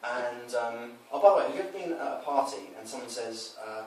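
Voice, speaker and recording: This dating coach is a fast talker with a mid-range voice and few pauses. He casually lays out how he coaches, bringing scenes to life by voicing the quoted lines differently. Echo fills the room, the mic is distant and there's faint noise.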